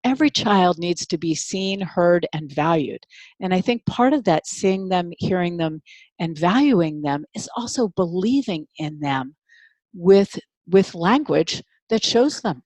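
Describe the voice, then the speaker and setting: A woman's voice: on the low side, expressive, a little slow, a little mellow, dry recording. Woman podcast host and parenting coach, affirming and encouraging, close dry recording. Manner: affirming, encouraging responses to the guest. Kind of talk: warm affirming interview conversation.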